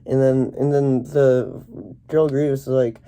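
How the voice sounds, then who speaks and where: A young man rambling through a deadpan parody movie review, full of halting restarts and fillers. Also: medium pitch. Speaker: comedic reviewer.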